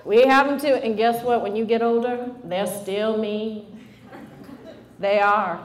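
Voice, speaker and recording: A middle-aged woman giving a humorous motivational talk to a live audience, animated and joking as she speaks straight to the listeners. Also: a little high, slow. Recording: roomy hall sound with faint noise.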